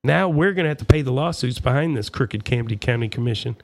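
A man with a gravelly voice holds forth in an angry, profane political rant, full of sarcastic asides. He rambles with fillers, and his pitch sits in an ordinary middle range. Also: lively intonation, quick pace.

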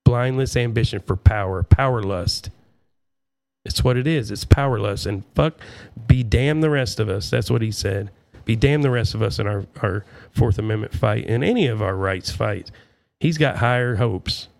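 Gravelly man on an angry political rant. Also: mid-range voice, normal speed. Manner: irate, profane, sarcastic; rambling with fillers and asides.

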